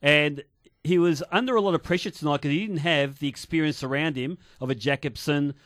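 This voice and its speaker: A man's voice: a little high, brisk, a bit bright, dry recording. A man giving eager, full-of-praise football analysis on studio radio. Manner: enthusiastic, full of praise, many restarts. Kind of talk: casual match analysis on radio. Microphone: studio microphone.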